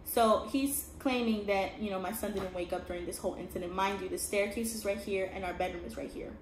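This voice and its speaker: A woman's voice: mid-range voice, a little fast. A young woman telling a painful personal story in earnest, often checking in with "okay?". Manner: earnest, repeats "okay?" to the listener. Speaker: vlogger telling her story. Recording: echoey room with steady noise.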